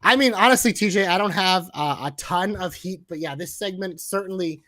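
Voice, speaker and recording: A man hosting a casual wrestling podcast, chatty and excitable, swearing now and then. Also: sits high, normal speed, dry recording. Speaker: podcast host.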